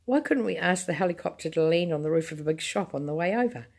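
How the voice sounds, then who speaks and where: An eager young boy offers his idea keenly, as a woman reads him aloud. He sounds bright and helpful in a storybook voice. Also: lowish voice, animated, fast, vocal fry.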